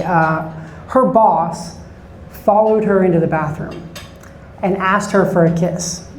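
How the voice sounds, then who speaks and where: Mellow-voiced male comic in a roomy club. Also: high-pitched, a little hiss or hum. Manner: chatty, bantering with the audience. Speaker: stand-up comedian. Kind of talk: stand-up set with crowd work.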